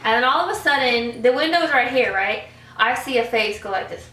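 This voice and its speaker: A woman's voice: fairly high pitch, brisk, recorded from a distance. A young woman vlogger telling stories casually over a meal and acting out the scenes as she goes. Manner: animated, acts out scenes and voices. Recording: roomy echo, voice off-mic.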